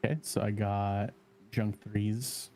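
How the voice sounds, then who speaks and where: A man running a tabletop game as dungeon master, explaining rules in a relaxed way with many fillers. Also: lowish voice, slow, faint music behind.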